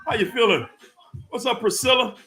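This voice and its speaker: A man's voice: very high-pitched, moderate pace, bright, forceful tone, faint music behind. A man hosting a livestream who greets viewers by name, hyped and whooping now and then. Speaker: livestream host. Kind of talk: live chat shout-outs.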